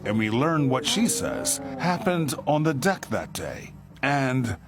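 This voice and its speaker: A man, a television correspondent, narrating a news feature in a grave, measured voice. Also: medium pitch, very animated. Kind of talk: broadcast report narration.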